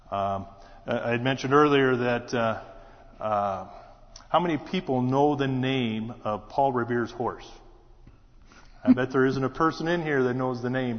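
A middle-aged man from South Dakota tells a personal story to a congregation in a plainspoken, steady manner, now and then restarting a phrase. His voice sits at an ordinary pitch. The recording sounds dull and lo-fi, with a long reverb from the church hall. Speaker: school superintendent. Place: church sanctuary.

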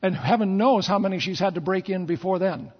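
A pastor telling stories in a sermon, with repeated phrases and dramatic pauses. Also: male voice, high voice, husky. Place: church sanctuary. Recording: long church reverb, dull lo-fi sound.

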